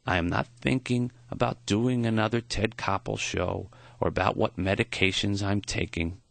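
A man voicing a frail elderly male professor in his seventies, with a foggy, high-pitched voice and a slow, soft, tender delivery. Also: fairly even intonation, creaky, no echo. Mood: earnest. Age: 70s.

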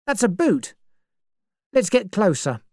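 A woman narrator voicing a cold, dangerous man who speaks slowly and menacingly, in a story reading. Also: mid-range voice, big pitch swings, dark tone, no echo, clean studio sound, pitched above the performer's own voice, heavily acted. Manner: slow, dangerous.

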